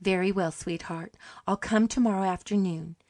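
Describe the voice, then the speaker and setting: A woman voicing a gentle, poor young woman who speaks softly and tenderly. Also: medium pitch, steady tone, moderate pace, no room sound, lightly acted.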